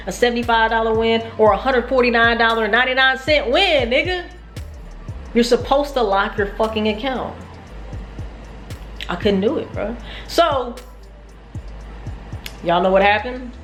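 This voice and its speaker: A woman's voice: on the high side, echoey room. A woman telling a casual, profane, self-mocking story about her day trading. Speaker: trading vlogger.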